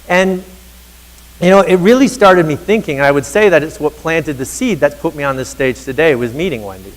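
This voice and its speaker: A man in his thirties delivers an earnest motivational talk from a stage, his voice sitting a little high for a man. It rings out with a long hall reverb, and he presses his points home by speaking straight to the crowd. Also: a little fast. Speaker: conference speaker for teachers.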